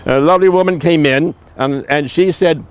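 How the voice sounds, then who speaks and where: A man in his seventies, a returned volunteer, tells old stories for an oral history, rambling with many restarts and asides. His voice is a little high, clear and resonant, at a normal speed.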